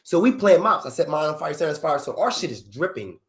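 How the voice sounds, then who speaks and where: Man with a slightly high voice, casual storyteller, profane street slang, lots of fillers. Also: very animated, fairly quick. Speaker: host telling a personal story.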